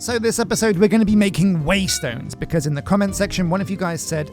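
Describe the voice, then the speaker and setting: Casual gameplay host: man, fairly high voice, joking and rambling, faint music underneath. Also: fast, few pauses, darkish tone. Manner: joking, rambling, self-mocking. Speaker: gaming channel host.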